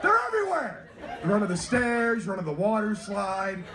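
A man's voice: high-pitched, normal speed, heavy background noise. A man from North Carolina doing stand-up comedy and playful crowd work.

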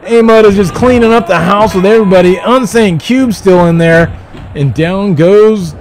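A man hosting a livestream, giving excited, profane play-by-play wrestling commentary with loud calls. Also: high-pitched, moderate pace. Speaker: livestream host.

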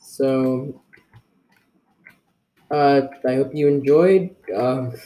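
Slow, low-toned gaming guy with put-on accent. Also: warm tone. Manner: rambling, jokey, talks to viewers while playing; put-on unplaced accent for fun. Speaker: gaming video creator. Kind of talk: casual gameplay commentary.

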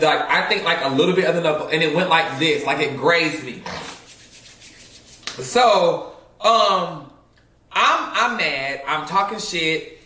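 A man's voice: on the high side, pushed and bright, a little hiss or hum. A man telling a story with lots of animation and laughter, swearing and mimicking other people. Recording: echoey room, mic far off.

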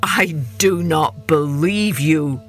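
A woman doing a slow, proud elephant king. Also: soft background music. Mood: doubtful. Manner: slow, low and doubtful. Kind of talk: children's storytelling.

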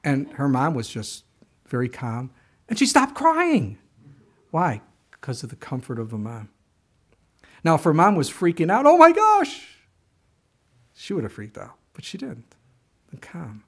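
An older man delivers a sermon in a relaxed, conversational way. His voice sits at an everyday middle pitch, and he often restarts a thought or drops in a quick aside before moving on. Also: husky. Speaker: pastor.

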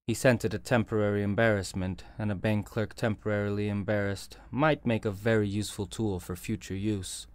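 A man reads a story aloud in a measured, scripted audiobook manner. His voice sits low and steady. The close studio recording is dry with no room sound. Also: dry recording. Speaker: audiobook narrator. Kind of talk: scripted narration.

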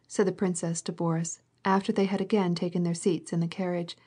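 A woman reading a classic novel as an audiobook narrator, measured and even. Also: fairly low pitch, husky. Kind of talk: scripted narration.

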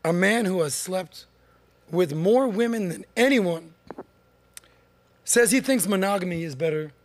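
A man's voice: sits high, lively intonation, measured pace, no room sound. A man hosting a podcast in casual studio chat, upbeat and teasing his guests, with a voice he says is going. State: losing his voice. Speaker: podcast host.

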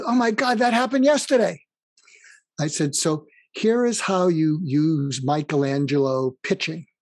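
Man with a slightly high voice, dry sound. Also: darkish tone, no room sound. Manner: explains through stories, acting out quoted dialogue. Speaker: guest author. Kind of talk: conversational advice interview.

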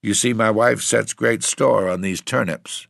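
Guy putting on a fretful country landlord, plain rustic talk, raised a bit from his low voice. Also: unhurried, gravelly, fairly bright tone, dry recording, studio quality, exaggerated voice. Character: worried rustic male village landlord, middle-aged.

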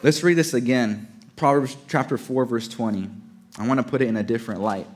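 A man delivering a sermon as pastor, emphatic, swinging from raised to hushed and stretching key words slowly. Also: mid-range voice, soft background music.

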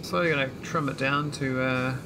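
A man's voice: medium pitch, steady tone, normal speed, background noise. A man casually commentating his own gameplay, thinking aloud with lots of fillers and restarts. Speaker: gameplay streamer. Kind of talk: casual let's-play commentary.

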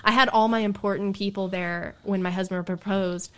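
A woman guest on a podcast, chatting casually and telling lively stories, often laughing and acting out what people said. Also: medium pitch, moderate pace. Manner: animated, laughs often, quotes herself and others in stories. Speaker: podcast guest and radio show host. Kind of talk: casual storytelling chat.

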